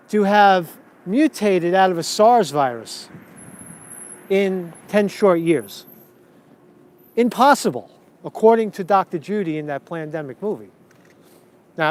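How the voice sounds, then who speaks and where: A man vlogging as he walks empty city streets, rambling and repeating himself, on a handheld camera. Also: high-pitched. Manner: rambling, repeats himself, talks while walking. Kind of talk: walk-and-talk street vlog. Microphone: handheld camera while walking. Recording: faint street noise outdoors.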